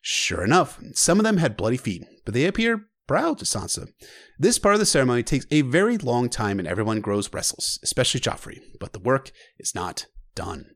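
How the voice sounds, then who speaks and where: A man's voice: mid-range voice, very animated, brisk, no echo, clean studio sound. A man casually recapping a book, with swearing asides.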